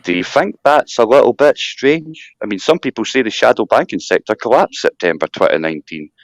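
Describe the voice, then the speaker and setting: Animated Scottish man ranting. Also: mid-range voice, brisk. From Scotland. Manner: animated rambling rant with mocking asides. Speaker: live stream host. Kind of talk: casual chat.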